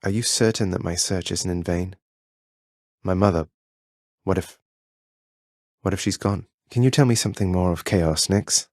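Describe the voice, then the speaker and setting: An actor voicing a young underworld prince in a video game, polite and earnest with elders, cheeky and wry with friends. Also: male voice, deep voice, moderate pace, long pauses, darkish tone, dry recording, studio quality.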